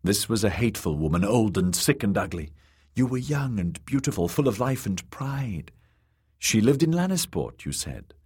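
A man voicing a soft-spoken, sly noblewoman who soothes and coaxes. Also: fairly low pitch, very animated, moderate pace, husky. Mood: soothing.

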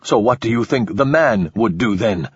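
A man voicing a desperate, quick-tempered man who talks urgently and with rising anger, in a husky voice. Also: on the low side, lively intonation, no echo. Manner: urgent, pleading and angry. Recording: slightly dull lo-fi recording.

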